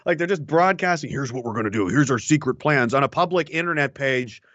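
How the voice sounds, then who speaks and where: A man's voice: mid-range voice, expressive, a little fast, a bit bright, no room sound, lo-fi sound. A man co-hosting a casual political chat show, sarcastic and swearing freely with frequent laughs.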